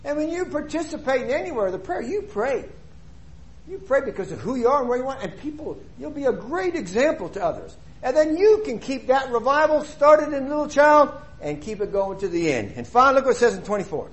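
High-pitched emphatic male preacher. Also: big pitch swings, fairly quick. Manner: emphatic, rhetorical questions, swings between loud and quiet. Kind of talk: sermon.

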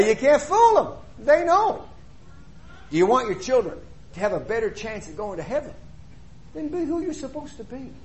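High-pitched emphatic male preacher. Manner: emphatic, rhetorical questions, swings between loud and quiet. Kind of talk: sermon.

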